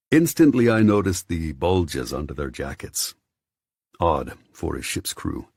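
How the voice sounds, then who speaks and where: Very deep, husky male audiobook narrator. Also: no room sound, clean studio sound. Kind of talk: scripted first-person narration.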